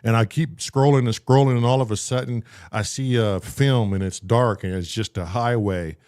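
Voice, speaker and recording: A man's voice: medium pitch, normal speed, clear, resonant tone. A man casually telling a story on a talk show, acting out what people said and swearing freely. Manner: animated, acts out voices in his story. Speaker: podcast co-host telling a story.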